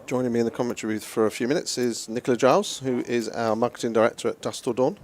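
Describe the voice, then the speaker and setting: A man's voice: mid-range voice, fast talker, darkish tone, slight background noise. English man doing live poker commentary. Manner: chatty, joking banter.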